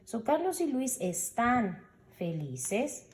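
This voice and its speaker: Woman Spanish teacher, unhurried recorded lesson, patient, spells out each example word. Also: fairly high pitch, very animated, darkish tone. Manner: slow, patient explaining, sounding out example words.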